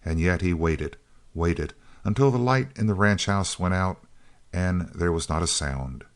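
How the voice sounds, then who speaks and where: A man narrating a Western novel as an audiobook, in a steady, measured way. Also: low-pitched.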